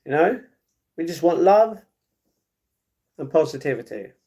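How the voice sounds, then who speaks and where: A man hosting a casual live stream, reading the chat, chatty and slangy, jumping between excited outbursts and muttered asides. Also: fairly high pitch, unhurried. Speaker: livestream host.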